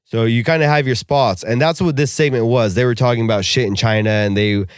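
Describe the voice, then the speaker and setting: A man co-hosting a casual podcast, ranting in a profane, animated way and laughing often. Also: medium pitch, fairly quick, clean tone, no echo, studio quality. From Russia. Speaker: podcast co-host. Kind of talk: casual chat.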